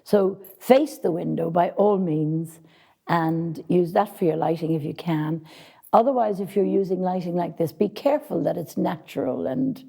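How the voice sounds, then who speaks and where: Gravelly, dark-voiced woman casting director. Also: fairly low pitch. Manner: direct, practical, frank. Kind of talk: interview answers giving advice to actors.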